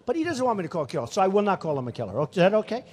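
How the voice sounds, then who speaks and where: A man's voice: high voice, very animated, rapid-fire, breathy edge. A man in his sixties giving a rally speech in a large hall, rambling, boastful and repetitive. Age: 60s. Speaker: political candidate. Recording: long hall reverb.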